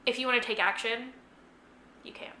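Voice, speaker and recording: A woman's voice: fairly high pitch, fairly even intonation, moderate pace, pushed and bright, roomy sound, slight background noise. A woman vlogging her monthly reading wrap-up, gushing about favorite books with lots of likes and ums. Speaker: book vlogger.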